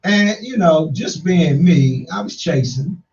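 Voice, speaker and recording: A man's voice: lively intonation, slow, a little mellow. A middle-aged man hosting a casual talk show, telling loose, rambling stories with playful jabs. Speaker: host. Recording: distant mic, dull low-fidelity sound.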